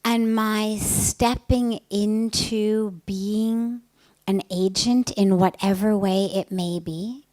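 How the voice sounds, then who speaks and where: Recorded with no echo, a middle-aged spiritual teacher with a mid-range voice shares a personal story. She speaks earnestly and emphatically, her voice frequently dropping to a breathy hush.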